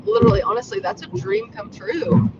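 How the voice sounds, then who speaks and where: A woman co-hosting by phone while she drives, loud and gushing, swearing and laughing as she chats. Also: very high-pitched, very animated, brisk, muffled recording. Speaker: podcast co-host calling in. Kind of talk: casual chat while driving. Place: in a car. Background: road noise.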